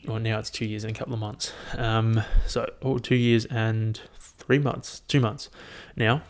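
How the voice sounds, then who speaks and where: A man hosts a casual solo podcast through headphones and a podcast mic, his fairly low voice flat and unhurried. He rambles, swears heavily, and sounds amused.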